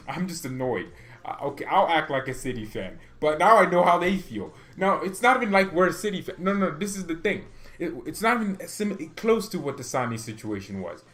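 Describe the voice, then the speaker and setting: A man's voice: medium pitch, a bit bright. A man hosting a fan channel, ranting in an exasperated way to his live chat and laughing often. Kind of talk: live-stream rant reading chat.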